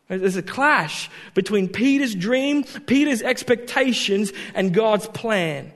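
A man preaching a sermon as a pastor, talking in an animated way that swings from loud emphasis to quiet asides. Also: high-pitched, slow pace, hardly any pauses, in a large hall.

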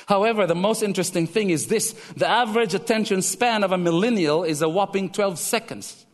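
A man preaching with a notably high voice, telling stories with lively, emphatic repetition. A long reverb hangs on his words, like a church hall. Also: a little fast. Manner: animated storytelling, emphatic repetition. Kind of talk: sermon.

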